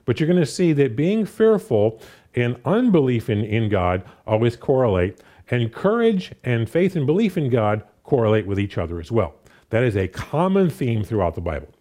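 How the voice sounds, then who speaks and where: Lively, mellow-voiced male preacher. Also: medium pitch, moderate pace. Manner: animated, many fillers and restarts. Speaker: pastor. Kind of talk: sermon.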